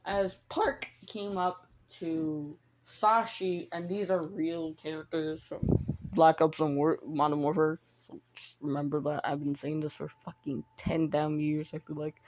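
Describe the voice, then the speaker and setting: Woman retelling a fan story, slow and kinda low, lots of um and restarts, swears casually. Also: little pitch movement, darkish tone. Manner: rambling, stumbling, lots of fillers and restarts; offhand swearing.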